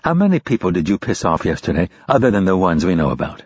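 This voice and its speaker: A man's voice: low-pitched, big pitch swings, fast, darkish tone, breathy edge, no room sound, exaggerated voice. Cool young female agent, as a man reads her. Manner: cool, probing, businesslike. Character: composed young female intelligence officer. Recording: dull, dry lo-fi recording.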